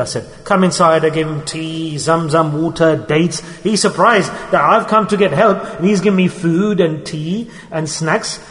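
In a high voice trailed by a long reverb tail, a male Islamic preacher tells a personal story as a sermon. He poses rhetorical questions, repeats himself for effect, and moves between loud exhortation and quiet asides.

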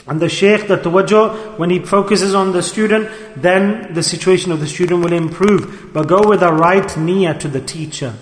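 A man preaching a sermon to a gathering, earnest and pleading, leaning on slow, emphatic repetitions. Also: high voice. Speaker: Sufi preacher. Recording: echoey hall.

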